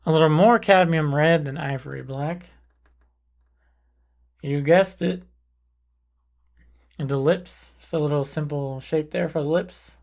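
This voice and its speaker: A man calmly talking through a portrait painting tutorial, thinking aloud as he paints. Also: fairly high pitch. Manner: calm, unhurried, thinking aloud while painting. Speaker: painting instructor. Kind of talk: relaxed painting tutorial narration.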